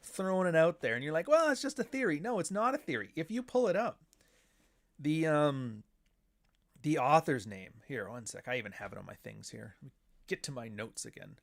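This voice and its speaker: Middle-aged Canadian man, mid-pitched, sardonic and profane, rambling livestream host. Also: expressive, moderate pace, gravelly. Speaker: show host. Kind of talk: casual livestream commentary.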